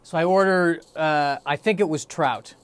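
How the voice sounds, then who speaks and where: A man's voice: a little high, moderate pace, smooth, no echo. A man hosting a solo podcast, rambling in a wry, self-deprecating way. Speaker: podcast host. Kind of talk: solo comedic podcast monologue.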